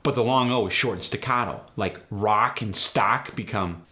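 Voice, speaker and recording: A man hosting a tutorial as an accent coach, explaining sounds in a brisk, direct way. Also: lowish voice, sharp tone. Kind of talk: instructional tutorial.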